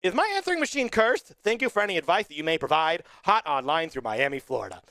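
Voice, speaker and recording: A man voicing an excitable male puppet who hosts a live morning talk show, playful and giggly, chatting casually. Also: fairly high pitch, fast, dry recording, full character voice. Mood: advice-giving. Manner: playful, giggly, wordplay-loving. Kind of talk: casual live-stream chat.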